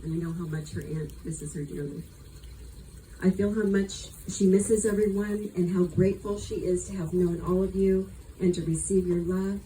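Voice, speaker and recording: Woman, eulogy speaker, earnest and affectionate, mellow tone, light noise behind. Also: on the low side, fairly even intonation, normal speed, low-quality recording. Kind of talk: heartfelt memorial tribute. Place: memorial gathering.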